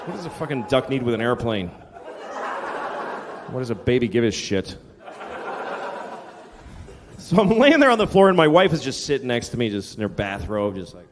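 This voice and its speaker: A male stand-up comedian telling crude, exasperated stories and swinging into loud rants on stage. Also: medium pitch, big pitch swings, normal speed, long pauses. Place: comedy stage before a live audience. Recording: live hall with crowd laughter and noise.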